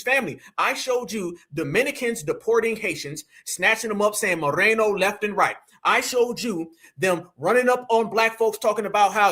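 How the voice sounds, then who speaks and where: An American man hosting a live reaction stream, talking in a very high voice that swings widely. His tone is bright and sharp, and his delivery is incredulous, mocking and full of slang. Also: slightly rough. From United States.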